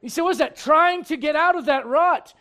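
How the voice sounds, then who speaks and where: A man in his thirties delivers a sermon in a strikingly high voice. He talks to the congregation like a friend, punching certain lines loudly before falling back to quiet, almost private remarks. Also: brisk. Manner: conversational preaching, swinging between loud emphasis and hushed asides. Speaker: pastor.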